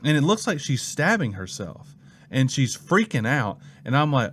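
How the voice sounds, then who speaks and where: A man's voice: medium pitch, moderate pace, slightly rough. A young man from Mississippi, a student pastor telling his story in a casual interview and acting out the people he quotes. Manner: lively storyteller who acts out quoted people.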